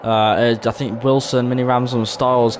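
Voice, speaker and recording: A man giving chatty, excitable live commentary on an esports racing stream. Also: medium pitch, moderate pace, background noise. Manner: chatty, excitable, talks to chat.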